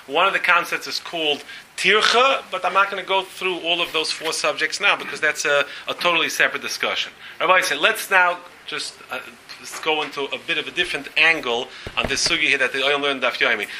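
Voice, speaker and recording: Man, rabbi leading a Talmud class; very bright, slightly high voice, emphatic and animated, throws questions to students. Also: fairly quick, a little hiss or hum, low-quality recording. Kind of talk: Talmud lecture with interjections from students.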